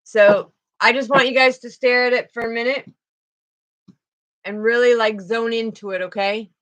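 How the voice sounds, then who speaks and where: A woman's voice: a little high, fairly even intonation, moderate pace, fairly bright tone, poor audio. A woman doing a spiritual card reading, talking in a fervent, emotional way and often repeating herself.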